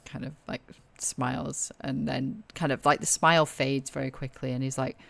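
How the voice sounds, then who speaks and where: A woman's voice: rumbling low, level tone, normal speed, creaky, no room sound. A woman narrating as game master, describing characters in a casual way with lots of "kind of, like". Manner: casual, many "kind of, like" fillers. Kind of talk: tabletop role-play narration.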